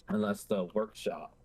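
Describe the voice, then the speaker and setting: A man's voice: on the low side, darkish tone, husky. A man chatting dryly and offhandedly with friends during a game stream. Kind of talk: casual gaming voice chat.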